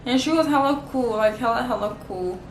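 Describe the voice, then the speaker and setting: A woman's voice: on the high side, a little fast, noisy background. Chatty storytelling woman, echoey room. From Los Angeles. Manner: chatty, slangy, heavy use of "like". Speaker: vlogger. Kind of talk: casual storytime.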